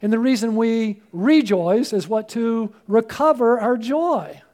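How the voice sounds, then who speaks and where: A man's voice: very high voice, measured pace, darkish tone. A man preaching a sermon as pastor, emphatic and rising sharply when he urges, often asking the congregation call-and-response questions.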